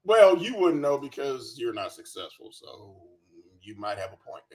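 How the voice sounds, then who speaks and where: A man's voice: mid-range voice, very animated, normal speed, darkish tone. A man hosting a reaction commentary, profane, scornful and sarcastic. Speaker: commentary channel host.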